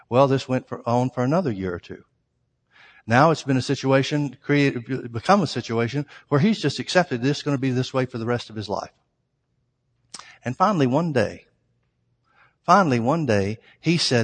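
A man's voice: medium pitch, lively intonation, normal speed. A man preaching a sermon, telling a story earnestly and addressing his listeners as folks. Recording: long hall reverb.

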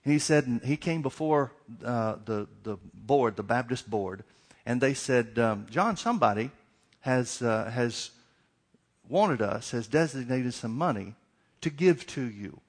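A man's voice: mid-range voice, expressive, unhurried. A middle-aged man preaching a sermon, asking repeated questions and acting out little dialogues. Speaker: pastor.

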